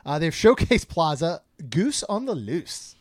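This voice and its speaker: A man's voice: fairly high pitch, sing-song, a little slow, no echo, studio quality. A man co-hosting a casual podcast, chatting and joking while reading out a food menu. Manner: chatty, jokey, reads menu items aloud. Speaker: podcast co-host.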